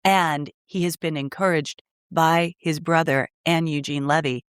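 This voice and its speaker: A woman co-hosting a podcast, chatting casually about an old movie and retelling the plot with animated quotes. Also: sits low, a little slow, clean tone, no room sound, studio quality. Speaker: podcast co-host. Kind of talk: casual movie rewatch chat.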